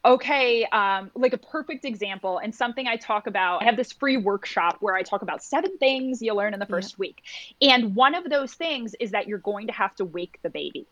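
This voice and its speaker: A woman's voice: medium pitch, lively intonation, a little fast, few pauses, fairly bright tone, no echo, lo-fi sound. Chatty woman with a dry, close sound. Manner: chatty, acts out little quoted exchanges. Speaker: postpartum doula. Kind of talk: podcast conversation.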